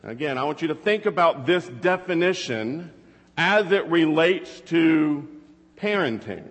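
A man's voice: fairly high pitch, expressive, unhurried, a bit bright, in a large hall. A man in his thirties preaching a conversational sermon, telling family stories and asking rhetorical questions. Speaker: pastor.

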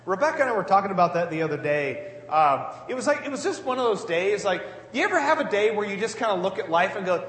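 Animated man preaching in an echoey hall. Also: sits high, fast talker, few pauses. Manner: earnest, animated, many casual asides. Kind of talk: conversational sermon. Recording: echoey hall with long reverb.

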